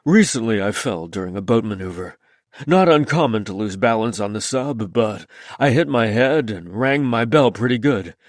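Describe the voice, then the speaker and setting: A man's voice: fairly low pitch, lively intonation, moderate pace, no room sound, studio quality, close to an everyday voice. Reserved Navy submarine chief, man, clipped and terse, read by the male narrator. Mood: matter-of-fact.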